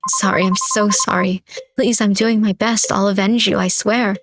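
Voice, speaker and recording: A woman's voice: mid-range voice, steady tone, slow pace, music in the background. A woman voicing a guilt-ridden spouse who pleads desperately with a ghost, her voice raised and strained. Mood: frantic.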